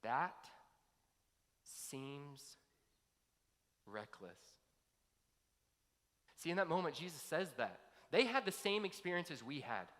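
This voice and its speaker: A pastor preaching a sermon, piling up long lists with mounting emphasis. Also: male voice, a little high, very animated, slow, long pauses, a bit bright. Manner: emphatic, building intensity through long lists. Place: church sanctuary. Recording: long hall reverb.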